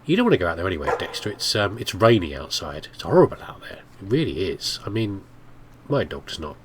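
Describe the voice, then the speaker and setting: A man's voice: sits low, sing-song, a little fast, noisy background. A man with a stuffy, nasal cold, rambling chattily while commentating on a game. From United Kingdom. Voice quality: nasal, blocked up. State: has a cold. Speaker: gameplay commentator. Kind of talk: casual let's play commentary.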